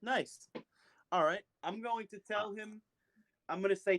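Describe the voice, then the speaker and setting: A man's voice: high voice, unhurried, fairly bright tone, no echo. A man playing in a tabletop game, joking and playful as he role-plays his character. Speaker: player. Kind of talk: tabletop role-play banter.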